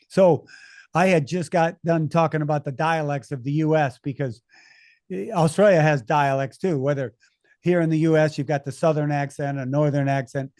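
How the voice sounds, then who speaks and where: An American man, a race announcer, telling lively anecdotes as a podcast guest, often restarting his sentences. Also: a little high, no room sound, studio quality. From United States. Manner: animated anecdotes with many restarts. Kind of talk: storytelling conversation.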